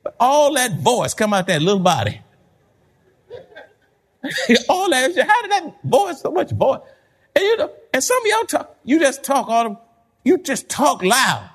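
A pastor preaching a sermon, animated, repeating words and laughing between points. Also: male voice, extremely high pitch, measured pace, pauses often, slightly rough.

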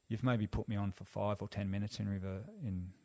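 A man's voice: fairly low pitch, brisk. An Australian man, a former rugby league player, telling stories casually and acting out what people said. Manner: animated, acts out quoted dialogue. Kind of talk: casual storytelling.

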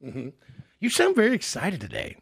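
A male radio host with a high, bouncy voice and a gravelly edge. He rambles, jokes and teases his callers in loose morning banter. He sounds like he is talking in a studio. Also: huge pitch swings, normal speed, fairly bright tone. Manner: joking, rambling, teasing callers.

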